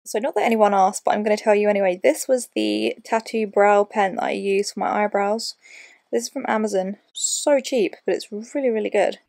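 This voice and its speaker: A woman's voice: medium pitch, fairly even intonation, normal speed, gravelly, a little mellow, no echo. A young woman, chatting casually and bluntly to camera in a daily vlog, swearing now and then. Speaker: vlogger.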